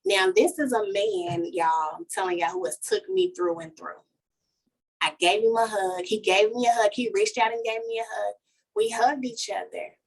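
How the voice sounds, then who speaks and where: A woman, a life coach guesting on a podcast, telling a personal story in a lively, heartfelt way and talking straight to listeners. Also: medium pitch, moderate pace, breathy edge. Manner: animated storytelling, talks to listeners as "y'all". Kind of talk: casual podcast conversation, personal testimony.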